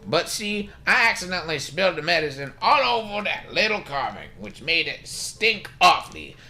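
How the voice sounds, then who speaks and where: A man doing a whiny, high-pitched stingy old doctor. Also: sing-song, moderate pace, bright, forceful tone, full character voice. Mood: whiny, defensive. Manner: whiny, fussy, excuses. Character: stingy cranky old male town doctor.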